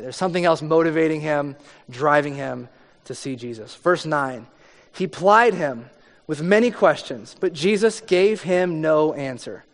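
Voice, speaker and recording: A man preaching a conversational sermon, reading scripture and explaining it, sometimes acting out the people in the story. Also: fairly high pitch. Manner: conversational preaching, acts out voices with rising intensity. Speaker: pastor. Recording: long hall reverb.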